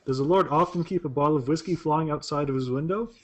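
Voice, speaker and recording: A man's voice: a little high, fast, lightly acted. Man doing a stern, suspicious adventurer. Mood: measured. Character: stern male adventurer investigating, measured and suspicious.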